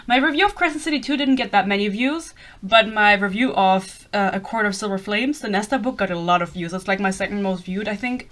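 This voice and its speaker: A woman in her twenties from Germany, speaking English with a light German accent, rambling excitedly in a casual book podcast chat and swearing freely. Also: medium pitch. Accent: German-influenced English. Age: 20s. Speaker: podcast host.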